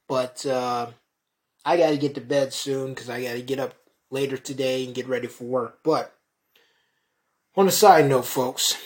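A young man hosting a solo podcast, talking fast and heatedly, swearing and repeating "folks" as he rants. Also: mid-range voice, darkish tone. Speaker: podcast host.

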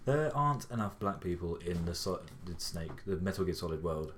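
A man with a very low voice co-hosts a casual chat show. He talks quickly and bluntly, tossing off dry, sweary remarks. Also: expressive, slight background noise. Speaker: podcast co-host.

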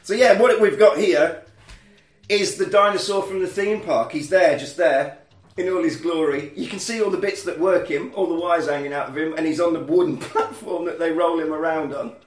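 A man, hosting a casual podcast and recapping a film with lively put-on voices for the characters. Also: fairly high pitch, normal speed, roomy sound. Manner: animated, acts out film lines in put-on voices. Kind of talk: casual chat.

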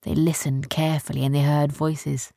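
A woman narrating a children's adventure story softly, hushing at tense moments. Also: sits low, level tone, moderate pace, creaky, no echo, clean studio sound.

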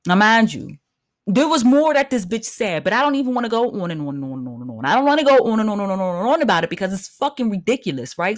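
A woman's voice: medium pitch, sing-song, fast talker. A woman hosting her own podcast, ranting in a heated, emphatic and profane way. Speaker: podcast host. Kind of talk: solo podcast rant.

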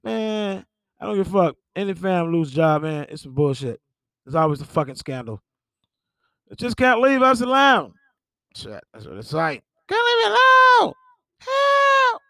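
A man's voice: on the high side, very animated, normal speed, a bit bright, no echo. A man hosting a podcast, reading celebrity headlines and reacting with profane exclamations and laughter. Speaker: podcast host. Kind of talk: casual celebrity gossip commentary.

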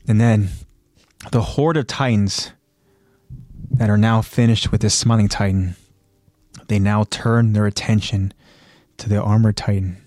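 A man's voice: on the low side, steady tone, measured pace, long pauses, darkish tone, no echo, clean studio sound. A man hosting a podcast, plainly retelling an anime episode with fillers. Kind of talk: episode recap narration.

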